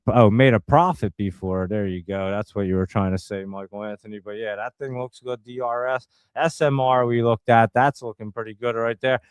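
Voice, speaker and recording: A man's voice: on the low side, a little mellow, smooth, no room sound. A man hosting a live show, giving casual, rambling, joking market commentary and reading out viewers' chat. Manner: rambling, joking, loose and off-the-cuff. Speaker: livestream host.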